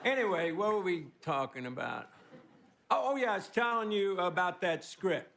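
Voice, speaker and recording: A man in his sixties, guest-hosting a comedy show, delivers a laid-back, self-mocking stand-up monologue and pauses for laughs. His voice is high and gravelly. The studio audience can be heard laughing, with crowd noise behind him.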